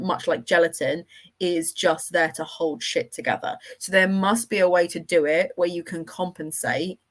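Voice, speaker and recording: A woman with a lowish voice, hosting a casual livestream from home. She rambles from thought to thought and talks with her viewers in a chatty, enthusiastic way. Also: a bit bright. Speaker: livestream host.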